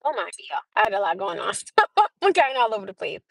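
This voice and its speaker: A woman's voice: medium pitch, very animated, quick pace, gravelly, no room sound. A young woman hosting a casual livestream, chatting with viewers, laughing often and greeting them by name. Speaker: livestream host.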